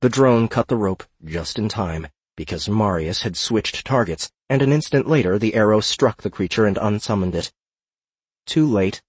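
A man narrating a fantasy audiobook in a steady, measured reading. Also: lowish voice, breathy edge, no room sound.

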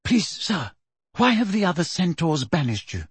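A man reading an eager teenage schoolgirl in a raised, higher voice for an audiobook. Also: very animated, moderate pace, husky, no room sound, exaggerated voice.

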